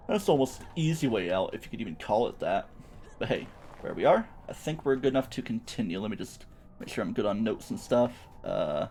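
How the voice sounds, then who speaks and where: Chatty and playful, this young streamer narrates his gameplay with goofy sound words. He speaks in a lowish voice with a darkish tone, and a little background noise can be heard.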